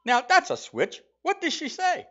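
A man's voice: very high-pitched, wildly swooping pitch, normal speed, pushed and bright, voice pushed up, heavily acted. A man voicing a chatty, curious Irish bartender in a put-on comic Irish accent, in a dull church recording. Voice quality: exaggerated comic brogue.

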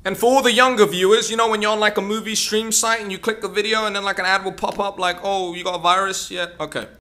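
A young man delivering a profane comedic rant, swearing constantly and bursting into shouts. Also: sits high, steady tone, fast. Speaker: comedy ranter.

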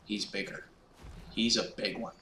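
A young man commentating his gameplay, swearing and breaking into panicked shouts. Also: lowish voice, little pitch movement, normal speed, recorded from a distance. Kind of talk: let's play commentary. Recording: roomy, off-mic, noisy background.

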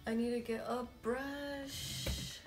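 Gushing high-voiced woman vlogger. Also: slow. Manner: gushing, excitable, talks to viewers directly. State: sounds a bit sick. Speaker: beauty vlogger. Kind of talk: unboxing first impressions. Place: room at home with a window. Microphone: camera mic. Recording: echoey room, faint background music.

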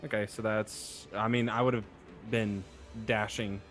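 A man's voice: on the low side, little pitch movement, measured pace, a bit bright, faint music behind. A man playing a tabletop game, animatedly narrating what his character does. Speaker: player.

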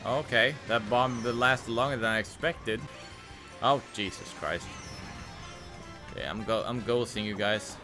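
A man streaming a racing game, reacting out loud with yelps, groans and laughs as he plays. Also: medium pitch, a little slow, long pauses, over music. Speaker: gaming streamer. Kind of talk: live game commentary.

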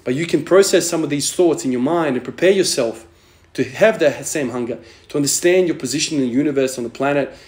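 A man's voice: on the high side, fairly quick, a little mellow. Blunt, swearing man in an echoey room. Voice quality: profane, emphatic, repeats "man". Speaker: strength training vlogger. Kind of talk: blunt motivational monologue.

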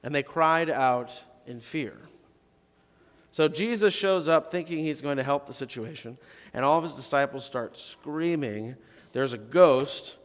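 Man preaching in a reverberant church. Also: unhurried. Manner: conversational preaching, rising to emphatic questions and dropping to soft, low phrases. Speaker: pastor. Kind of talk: sermon. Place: church sanctuary. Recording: long reverb of a church sanctuary.

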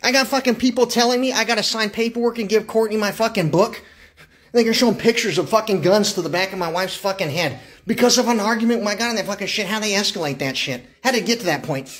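A live streamer rants in an agitated, profane monologue, firing off repeated questions, tripping over his words, and frequently bursting into laughter mid-rant. His voice is high, quick-paced, and fairly bright.

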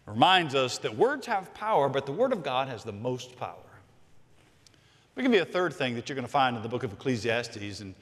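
A man preaching a sermon as senior pastor, emphatic, swinging from loud to hushed. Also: medium pitch, big pitch swings, fairly quick, big-room sound. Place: large church sanctuary.

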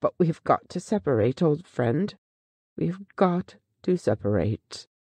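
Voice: medium pitch, lively intonation, measured pace, dark tone, breathy edge, no room sound. A storyteller reading the lines of a kind, loyal businessman who delivers bad news solemnly and with sorrow. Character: loyal, kindly businessman, grave partner.

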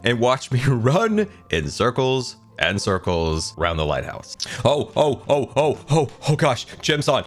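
A man's voice: mid-range voice, big pitch swings, takes it slowly, hardly any pauses, soft background music. A man giving casual, playful commentary over his game footage, giggling often and reading things out with theatrical flair. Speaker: Minecraft let's-play host.

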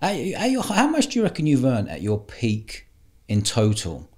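A man's voice: mid-range voice, wildly swooping pitch, moderate pace, darkish tone. A man hosting an interview, listening closely and asking direct questions. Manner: attentive, backchannels with short "mm"s. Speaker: podcast host.

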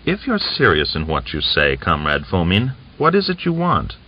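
A man's voice: sits low, huge pitch swings, moderate pace, exaggerated voice. A man reading aloud, voicing a weary, half-starved Cossack soldier who answers tersely and guardedly, on a dull lo-fi recording.

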